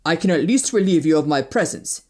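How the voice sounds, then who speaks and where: A woman's voice: low voice, animated, brisk, mellow, pitched below the performer's own voice. A woman reading an audiobook, voicing a defiant wounded young man who speaks coldly and scornfully. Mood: curt. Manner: cold, clipped and scornful.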